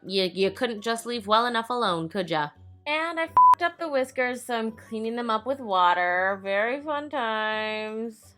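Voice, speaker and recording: A woman's voice: medium pitch, pushed and bright. A woman giving a casual makeup tutorial voice-over, chatty and self-mocking, swearing freely and talking to herself. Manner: talks to herself as an onlooker. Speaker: makeup vlogger.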